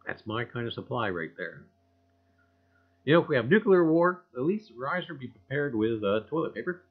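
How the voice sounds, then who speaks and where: A man's voice: medium pitch, very animated, moderate pace, slightly rough, phone-quality sound. A man hosting a casual livestream chat, reading viewer comments in a folksy way and chuckling often. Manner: folksy, chuckling, repeats "I tell you".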